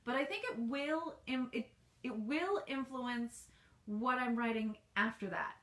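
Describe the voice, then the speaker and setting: In no hurry, an American woman author talks with her readers during a casual livestream Q&A in her home office, rambling and restarting with frequent ums. Her voice is on the high side and a bit bright, with a reverberant room sound.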